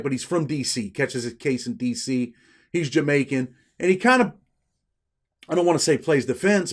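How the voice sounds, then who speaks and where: Streetwise man telling prison stories. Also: medium pitch. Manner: animated, streetwise, swears casually. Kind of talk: casual storytelling monologue.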